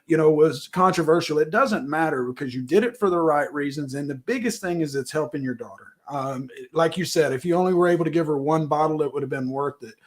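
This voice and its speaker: A man's voice: on the high side, a little fast, few pauses. A man hosting an interview, talking effusively and praising his guest. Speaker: show host. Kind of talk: casual interview chat.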